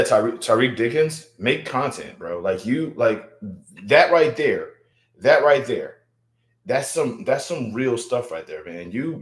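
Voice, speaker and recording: A young man from Louisiana, hosting a casual livestream and hyping up viewers, repeating his words as he talks. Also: mid-range voice. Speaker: livestream host. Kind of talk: casual livestream chat reading viewer comments. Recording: roomy echo.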